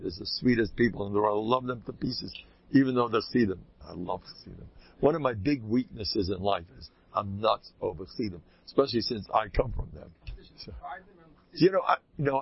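A man, a rabbi, giving an informal Torah talk to a live audience, animated and folksy, often leaping high in pitch for emphasis. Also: breathy edge. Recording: dull lo-fi recording.

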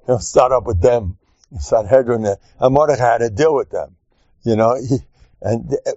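A man giving a humorous Torah lecture as a rabbi, joking and teasing as he teaches. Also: dry recording. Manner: animated, joking, acts out quotes in squeaky voices. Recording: dull, dry lo-fi recording.

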